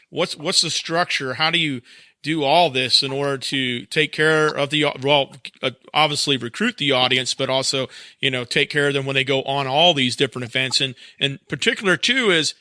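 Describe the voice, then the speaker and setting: A man's voice: medium pitch, normal speed, pushed and bright, no room sound, studio quality. A man hosting a podcast interview, giving short affirmations and asking long, rambling questions. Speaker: podcast host. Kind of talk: conversational interview.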